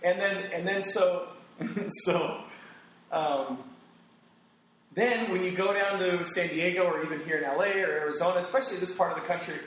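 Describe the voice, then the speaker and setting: A man hosting a casual podcast chat, giving animated, opinionated takes with quoted asides. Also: high voice, normal speed. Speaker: podcast host. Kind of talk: casual conversational podcast talk. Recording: very echoey room.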